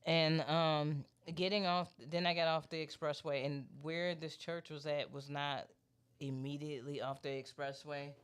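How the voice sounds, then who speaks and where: A man co-hosting a podcast, telling a story in a loose, profane, animated way and quoting the people in it. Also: a little high, a little slow, smooth. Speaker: podcast co-host. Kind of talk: casual chat, storytelling.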